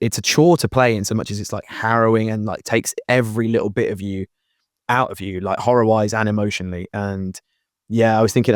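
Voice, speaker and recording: Low-voiced man, earnest rambling podcaster. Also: dry recording, clean studio sound. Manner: earnest, rambling, many fillers and restarts. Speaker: podcast co-host. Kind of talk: casual chat. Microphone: podcast mic.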